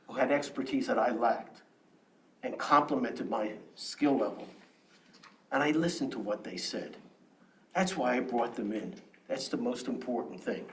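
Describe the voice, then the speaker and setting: A middle-aged man giving a confrontational, lecturing public comment at a township meeting, taunting the board. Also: medium pitch. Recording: distant mic with faint room noise.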